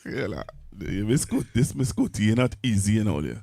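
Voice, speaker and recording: A man's voice: fairly low pitch, sing-song, moderate pace, creaky, warm tone, no room sound, clean studio sound. A Trinidadian man hosting a casual talk show, joking and laughing often as he teases his guest. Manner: jokey, laughs often, teasing. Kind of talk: casual chat.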